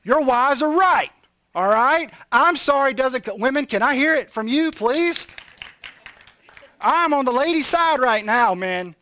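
Bright, high-voiced preacher man. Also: measured pace, no room sound. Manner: animated, confessional, jokey asides to the congregation. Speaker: pastor. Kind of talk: conversational sermon.

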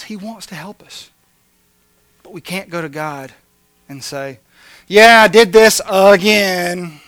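A pastor with a slightly high, bright, forceful voice delivers a conversational sermon to his congregation, speaking candidly and animatedly and tossing in jokey asides. The audio has no echo.

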